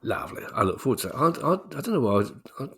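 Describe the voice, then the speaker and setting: A man's voice: mid-range voice, very animated, racing, a bit bright, slight background noise. A man co-hosting a podcast in casual chat, chatty and jokey with frequent restarts. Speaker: podcast co-host.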